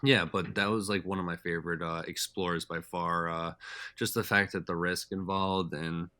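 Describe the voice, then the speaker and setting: A man's voice: sits low, steady tone, normal speed, sharp tone, clear, resonant tone, dry recording. A man, a podcast guest, telling stories in a loose, rambling, casual way. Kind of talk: casual storytelling chat.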